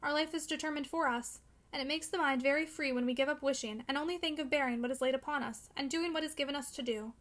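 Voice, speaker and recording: A woman reading the part of an earnest young woman who speaks with sorrowful gentleness. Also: sits high, fast talker. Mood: gentle. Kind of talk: audiobook character reading.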